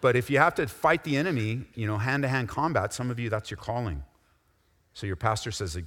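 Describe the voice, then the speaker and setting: Man, pastor, lively sermon, puts on squabbling voices, soft intense asides, middle pitch, echoing church hall. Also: quick pace. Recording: reverberant hall.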